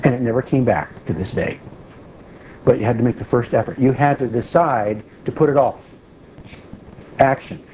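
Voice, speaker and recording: A man's voice: medium pitch, normal speed, pauses often, a little mellow, slight background noise, rough recording. A middle-aged man teaching an informal sermon to a small group, plain-spoken, repeating key phrases and asking listeners questions.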